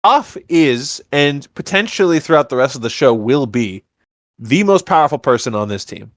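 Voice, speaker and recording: Heard on a dry, close mic, a laid-back man talks at a middle pitch in an easygoing, casual way. He co-hosts a podcast and recaps a cartoon series, swearing now and then in a loose, friendly chat. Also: normal speed, no echo. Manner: relaxed, swears casually, retells scenes with playful impressions. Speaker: podcast co-host.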